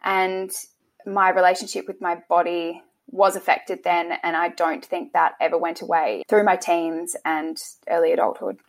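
A young woman, interviewed about her past, speaking in a soft, halting way and often restarting her sentences. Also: on the low side, flat delivery. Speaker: interview guest. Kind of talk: emotional personal interview.

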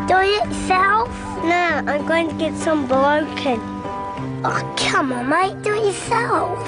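A performer voicing little kids who pretend to be blokey dads with a New Zealand accent, in a played TV ad. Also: male voice, extremely high pitch, exaggerated voice. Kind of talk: played TV ad clip. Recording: ad audio with loud guitar music.

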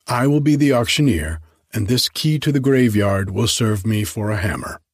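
A man's voice: on the low side, lively intonation, moderate pace, breathy edge, no echo, studio quality. A man voicing a young male student who plays a whining, mock-solemn auctioneer. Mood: playful. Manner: whining mock-official announcing.

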